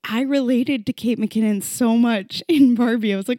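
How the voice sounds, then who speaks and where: A young woman hosting her own podcast, ranting candidly and emotionally with lots of swearing. She drops to a hush at times and imitates critics in a low, mocking voice. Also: normal speed, few pauses, dry recording, clean studio sound. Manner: emotional and profane, swinging between hushed and loud. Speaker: podcast host. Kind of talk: candid solo podcast rant.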